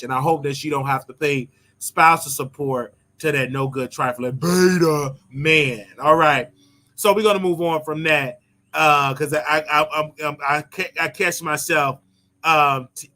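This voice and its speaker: Bright, sarcastic male show host. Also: mid-range voice. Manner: sarcastic, provocative ranting. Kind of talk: solo commentary show.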